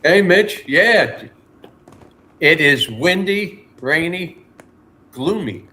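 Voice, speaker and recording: A man joining a live stream panel as a guest, making slow, easygoing small talk. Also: on the high side, expressive, bright, forceful tone. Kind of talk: casual chat.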